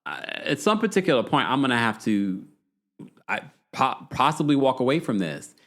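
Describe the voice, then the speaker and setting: A man's voice: mid-range voice, very animated, moderate pace, fairly bright tone. A man voicing an exasperated fiance who is fed up with his future mother-in-law's meddling.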